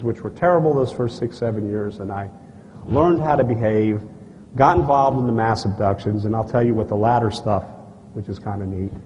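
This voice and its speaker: On a stage in a big conference hall, a man with a medium-pitched voice tells a personal story in a blunt, folksy style, frequently clearing his throat. He's an animated storyteller who acts out dialogue, gestures, and often turns aside to address the audience. The archival recording of the talk carries an echoey hall sound and faint noise.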